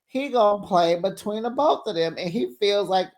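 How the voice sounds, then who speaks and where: A woman's voice: mid-range voice, animated, normal speed, darkish tone. A woman hosting a reality TV recap, talking in a sassy, casual way and often laughing.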